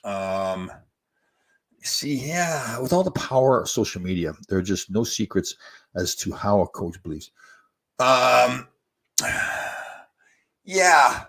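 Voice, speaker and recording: A man's voice: mid-range voice, very animated, slow, creaky, pauses often, fairly bright tone. A man in his sixties hosting a casual live stream, reading viewer comments aloud and answering them with rambling stories. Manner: chatty, storytelling, reads out viewer comments. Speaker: host.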